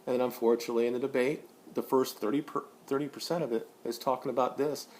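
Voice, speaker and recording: A man's voice: steady tone, fast. Blunt, rambling man in his forties. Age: 40s. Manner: blunt, profane and rambling, with frequent restarts; rising loud and high when worked up. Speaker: vlogger. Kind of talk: opinion monologue to camera.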